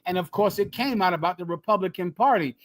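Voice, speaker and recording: A man's voice: sits high, fast. Fiery man preaching with repeated phrases. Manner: emphatic, repeats phrases, swings from loud to hushed. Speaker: group leader teaching scripture. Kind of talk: fiery street-style preaching.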